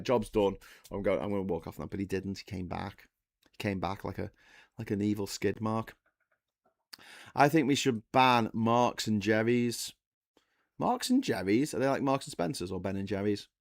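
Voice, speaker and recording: Guy hosting a morning chat, low voice, sweary and rambly, dead dry sound. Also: vocal fry, no room sound. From Liverpool, England. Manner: rambling, sweary, stammering restarts. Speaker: host. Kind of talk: casual live chat show.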